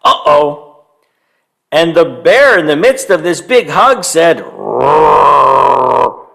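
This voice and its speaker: A man telling a story to young children, animated and stopping to quiz them and have them join in. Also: a little high, measured pace. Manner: animated, quizzes young listeners.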